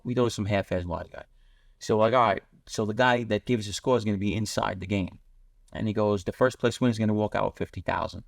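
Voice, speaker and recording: A fairly low, creaky voice drives this podcast interview, where a guest tells street stories rapidly and bluntly, quoting others in character. The sound is dry and studio quality.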